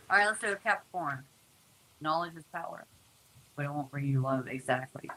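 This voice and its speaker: Bright-voiced chatty woman tarot reader. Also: deep voice, a little fast, long pauses, low-quality recording. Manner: chatty, informal, repeats words, uses "y'all". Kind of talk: casual tarot reading to viewers.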